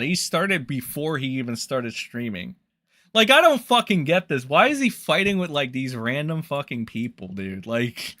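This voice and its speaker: A man's voice: medium pitch, bright, forceful tone. A man live-streaming, reacting to posts in rambling, profane, exasperated commentary to his chat.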